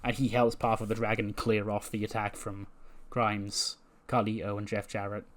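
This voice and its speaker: A young man with a relaxed, rambling way of talking, casually recapping a simulation game as the host. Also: fairly low pitch, normal speed. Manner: relaxed, rambling, loose slang. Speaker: let's-play host.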